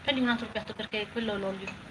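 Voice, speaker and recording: Speaking very fast in a steady, medium-pitched voice, this woman vlogs from her home kitchen as she cooks. She offers casual advice, repeats phrases, and slips in Italian words. Clattering dishes make the recording noisy.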